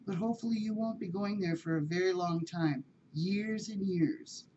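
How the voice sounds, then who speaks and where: A gentle man who volunteers at an animal shelter, speaking softly and reassuringly in a read-aloud story , as a woman voices him. The tone is dark and mellow, on a dull recording. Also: fairly low pitch, moderate pace, a little hiss or hum, close to an everyday voice. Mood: soothing. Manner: soothing and reassuring.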